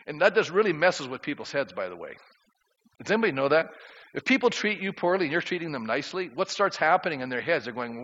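A man's voice: fairly high pitch, sing-song, quick pace, a bit bright. A male pastor preaching a conversational sermon to his congregation, often asking them questions. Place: church sanctuary. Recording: dull sound in a reverberant church hall.

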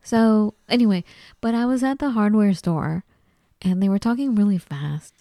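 A woman's voice: medium pitch, normal speed, warm tone, no echo, clean studio sound. A woman from Los Angeles with a Los Angeles accent, telling stories in a rambling, casual chat full of likes and restarts. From Los Angeles, California. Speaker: podcast co-host.

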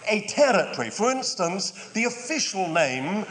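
A man's voice: high voice, big pitch swings, a bit bright. An older British man preaching a sermon, stretching key words out and dropping in wry, humorous asides. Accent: British English. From United Kingdom. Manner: measured, drawn-out emphasis with wry humorous asides. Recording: long hall reverb.

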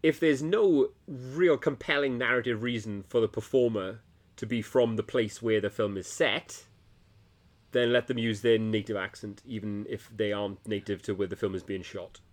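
A man's voice: lowish voice, fairly even intonation, moderate pace. A man with a British accent co-hosting a casual podcast chat, dry and sardonic, swearing now and then. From Britain. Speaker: podcast co-host.

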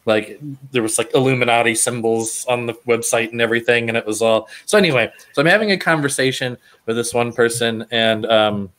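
A man hosting a casual spiritual chat, asking questions in a halting, hesitant way. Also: medium pitch, fairly bright tone. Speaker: podcast host.

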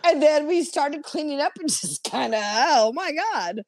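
A woman in her fifties with a high voice that jumps all over as she tells a story. She laughs and swears freely, and she is recorded dry and close. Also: lively intonation, unhurried, a little mellow, dry recording. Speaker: guest. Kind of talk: casual storytelling chat.

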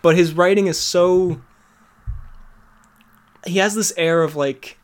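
A man's voice: high-pitched, steady tone, slow. Rambling, swearing young man. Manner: rambling, swears often, laughs at own jokes. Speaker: podcast host. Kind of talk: casual chat reviewing TV shows.

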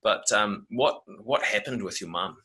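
A man's voice: fairly low pitch, normal speed, sharp tone, breathy edge, rough recording. A man hosting a podcast interview, asking his questions in a hesitant way with repeated words and ums. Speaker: podcast host.

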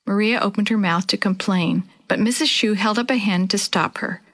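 A woman narrating a children's story aloud in a clear, expressive storytelling manner. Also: medium pitch, normal speed.

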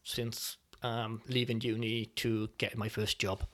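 A man as a podcast guest, speaking reflectively and hesitantly with many pauses as he tells his personal story. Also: on the low side, flat delivery, fairly bright tone. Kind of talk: personal testimony in conversation.

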